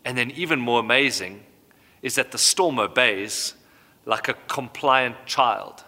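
A man in his thirties, a pastor preaching a sermon with animated storytelling. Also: mid-range voice, measured pace. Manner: animated storytelling, acts out voices. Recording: hall reverb.

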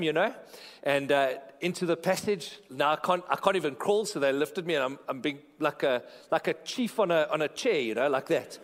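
A man preaching a sermon as a pastor, telling a story in a playful way and joking with the congregation. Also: fairly high pitch. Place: large church auditorium. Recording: long hall reverb in a church auditorium.

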